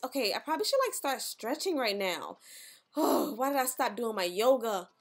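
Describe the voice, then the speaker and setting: A young woman commenting on her gameplay in an excitable, dramatic, chatty way, with faint music behind her. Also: fairly high pitch, a little fast. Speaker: gaming YouTuber.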